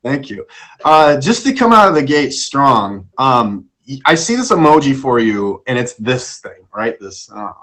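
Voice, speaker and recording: A man's voice: medium pitch, very animated, measured pace, fairly bright tone. A young man hosting a casual live-stream talk show, jokey and self-deprecating, stumbling over words as his voice cracks.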